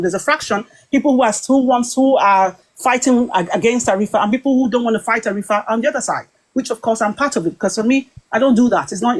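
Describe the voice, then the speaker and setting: A British woman talking casually, retelling a heated group-call dispute in an animated, aggrieved way with many quoted exchanges. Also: fairly high pitch. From Britain. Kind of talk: casual storytelling to viewers.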